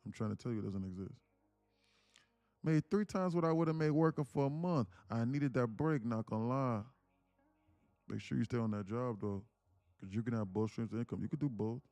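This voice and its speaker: A man's voice: medium pitch, normal speed, darkish tone, no echo, faint music behind. A man hosting a trading live stream in a loose, casual way, often repeating himself and restarting phrases as he reads the chat. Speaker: livestream trading host.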